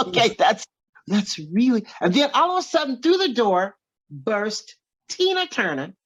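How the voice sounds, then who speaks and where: A woman in her seventies from Oklahoma, a singer and interview guest, telling a story in an animated way and acting out other people's lines. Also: fairly high pitch, a little slow, husky, rough recording. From Oklahoma, USA.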